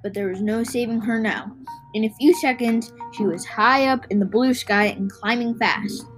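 A young narrator who hosts a podcast reads a storybook aloud, halting, restarting and adding little asides. The voice is mid-range and a bit bright, with faint music behind it and poor audio quality.

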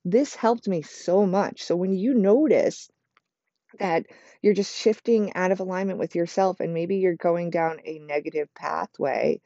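Yoga teacher, motivational self-help talk; mellow voice, encouraging repetitive phrasing, dull lo-fi recording. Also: mid-range voice, no room sound. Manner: admits to speaking fast.

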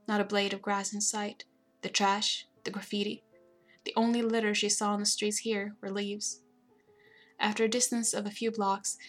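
Woman narrating a story in an even tone. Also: mid-range voice. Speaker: audiobook narrator. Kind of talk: scripted narration.

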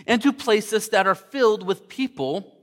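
A man's voice: sits high, unhurried. A male pastor preaching a sermon, emphatic, repeating key words and addressing the congregation directly.

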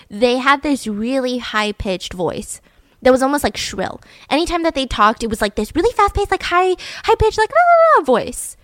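A woman hosting a podcast, telling a true-crime story in a chatty, animated way, full of fillers. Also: mid-range voice, no room sound. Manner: chatty, animated, frequent fillers and acted-out quotes. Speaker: podcast host.

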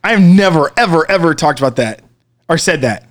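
A man swapping stories with a friend on a podcast, swearing freely and laughing often. His voice sits a bit high and swings around a lot, full of energy. It's loose, casual banter. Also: animated, brisk. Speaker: podcast co-host.

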